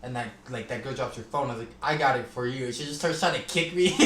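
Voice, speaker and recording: A man's voice: mid-range voice, expressive, brisk. A young man casually swapping old stories on a podcast, laughing often, slangy and profane. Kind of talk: casual storytelling chat. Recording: echoey room with faint noise.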